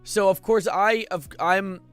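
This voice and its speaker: An excitable young man rambles through casual livestream commentary, swearing freely and bursting into loud outbursts. His voice sits fairly high for a man, with faint music playing behind. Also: measured pace, smooth. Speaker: streamer.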